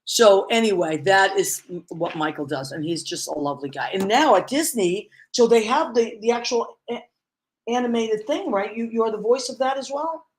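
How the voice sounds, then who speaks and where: A woman's voice: mid-range voice, lively intonation, normal speed, a little mellow. A woman hosting a casual interview, telling stories with lots of exclamations. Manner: effusive, storytelling with many exclamations. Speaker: talk show host.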